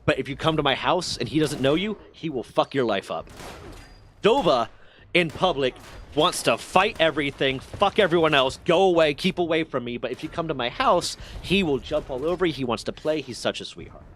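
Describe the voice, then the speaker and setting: A man hosting a livestream, telling stories to his chat in a profane, animated way. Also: on the high side, fairly quick, slight background noise. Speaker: livestream host. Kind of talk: casual storytelling to a stream chat.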